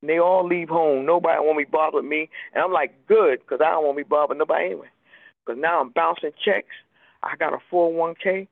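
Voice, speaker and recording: An older woman gives a personal testimony in a deeply gravelly voice, pressing each point home with emphasis. She comes through a thin, phone-like radio recording, close and dry. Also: fast talker, no room sound. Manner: emphatic storytelling, voices the people she quotes. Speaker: speaker sharing a recovery story.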